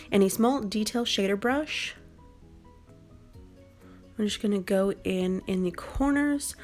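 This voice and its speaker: A young woman calmly explaining each step of a makeup tutorial in voice-over. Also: medium pitch. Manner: calm, step-by-step instructional. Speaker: beauty vlogger.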